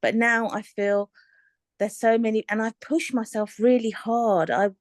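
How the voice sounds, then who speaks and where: Rambling, animated woman. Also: on the high side, unhurried, dry recording. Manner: rambling, animated, laughs often. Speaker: aspiring author on a coaching call. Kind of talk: candid casual chat.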